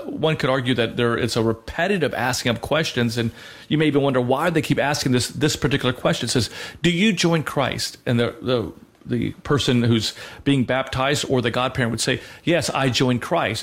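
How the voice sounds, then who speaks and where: A man co-hosting a Christian show, speaking earnestly in a halting way, often restarting as he teaches and tells a personal story. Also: mid-range voice, fairly bright tone. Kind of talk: faith talk with personal storytelling.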